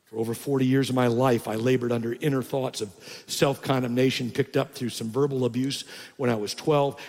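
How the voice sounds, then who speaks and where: An older man preaching a sermon as a pastor, often rising to loud, high emphatic bursts. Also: steady tone, fairly quick. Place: church sanctuary. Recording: reverberant church hall.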